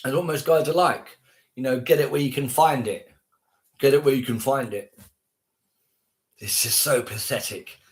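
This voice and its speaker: A man's voice: medium pitch, normal speed, pauses often. A man ranting casually to camera, scornful and heavily profane, repeating himself.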